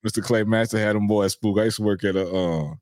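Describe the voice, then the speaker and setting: Guy, lowish voice, rambling laid back stories, dry close sound. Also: fairly even intonation, fast talker, a little mellow, dry recording. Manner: loose, laughing anecdotes with filler words. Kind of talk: casual storytelling.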